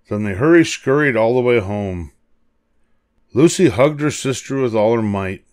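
An older man reading a children's picture book aloud, expressive and animated. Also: mid-range voice, moderate pace, no echo, studio quality. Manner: expressive, animated voices for characters. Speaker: storybook reader.

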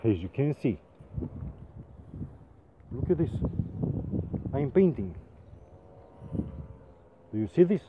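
A man telling a funny story in halting English, full of restarts and comic exaggeration. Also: medium pitch, big pitch swings. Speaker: rope access painter. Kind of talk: casual storytelling vlog. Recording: phone-like sound with faint noise.

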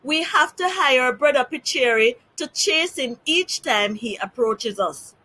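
A woman's voice: high-pitched, lively intonation, unhurried, bright, forceful tone, voice pushed up, full character voice. A woman voicing an impatient male parrot in a storybook reading, fretful and pressing.

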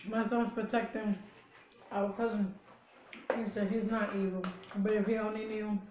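A woman's voice: mid-range voice, little pitch movement, normal speed, a little mellow, a little hiss or hum. A woman telling stories casually while she eats for a mukbang video, with frequent laughs. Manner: chatty storytelling with laughs and chewing sounds. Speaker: mukbang vlogger. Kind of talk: casual chat while eating. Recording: echoey room.

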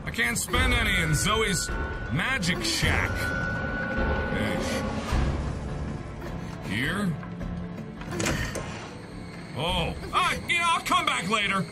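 A man's voice: high voice, sing-song, very slow, long pauses. A young man hosting a let's-play, giving playful, joking commentary full of exclamations. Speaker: host. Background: loud game music.

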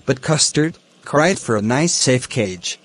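A man teaching a poem, explaining its lines and word meanings slowly and deliberately. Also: mid-range voice, expressive. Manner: slow, deliberate, glossing words one by one. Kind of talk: educational explanation.

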